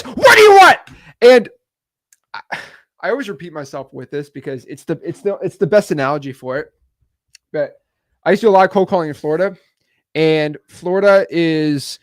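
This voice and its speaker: A man explains cold-calling tactics in a relaxed, conversational way. His voice sits a little high and moves around a lot in pitch, full of quick asides and easy laughs. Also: no echo. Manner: animated, chatty, quick asides and frequent laughs. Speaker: real estate cold-calling coach. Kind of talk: casual instructional talk.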